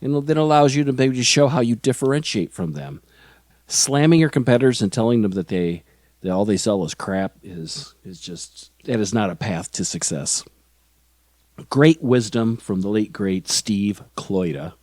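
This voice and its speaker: Friendly low-voiced male podcast host. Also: animated, normal speed, a little mellow, no echo. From Chicago. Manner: friendly, conversational, agreeable. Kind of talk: podcast interview and closing remarks.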